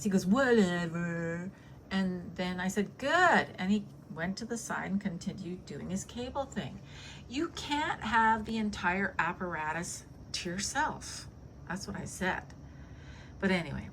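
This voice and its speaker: A woman's voice: on the low side, a bit bright, slight background noise. Chatty woman telling her cat a story. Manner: chatty, retells quarrels with quoted back-and-forth. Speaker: vlogger talking to her cat. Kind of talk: casual storytelling to a pet.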